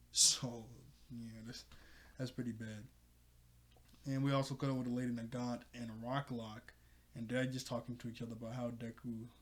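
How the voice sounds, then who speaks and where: A man's voice: medium pitch, a little mellow. Rambling man recapping a comic chapter. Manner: rambling, self-correcting, frequent ums, laughs to himself. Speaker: manga reaction host. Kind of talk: casual recap and review.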